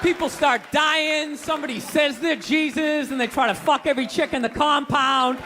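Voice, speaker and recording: A man doing a stand-up routine on a comedy club stage, ranting loudly and exasperatedly with plenty of profanity. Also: very high voice, normal speed. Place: comedy club stage before a live audience. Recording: live stage recording with crowd laughter and noise.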